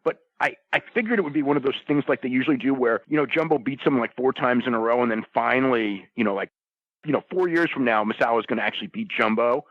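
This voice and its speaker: A man's voice: medium pitch, quick pace, dry recording. A man telling a story in casual chat, rambling, with lots of restarts and "you know"s. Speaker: podcast roundtable guest. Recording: dull lo-fi sound.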